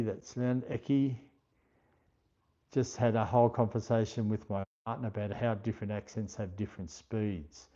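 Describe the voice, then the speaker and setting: An Australian man with a fairly low, dark-toned voice hosts a relaxed livestream. Speaking slowly and unhurriedly, he works through viewer comments, thanking each person by name. The audio sounds dull and lo-fi.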